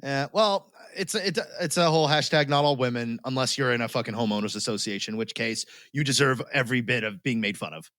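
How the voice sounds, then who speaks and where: A man's voice: medium pitch, fast talker, hardly any pauses, a bit bright, dry recording. A man hosting a podcast, retelling a story in casual chat, laughing often and swearing freely. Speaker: podcast host.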